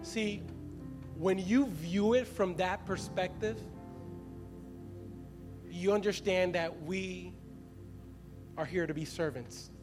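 A man's voice: high voice, takes it slowly, pauses often. A man in his thirties preaching a sermon as a pastor, conversational and laughing often as he speaks to the congregation. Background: music.

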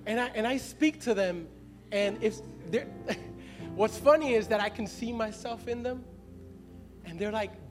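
A man's voice: high voice, a little slow. A man in his thirties preaching a sermon as a pastor, conversational and laughing often as he speaks to the congregation. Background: music.

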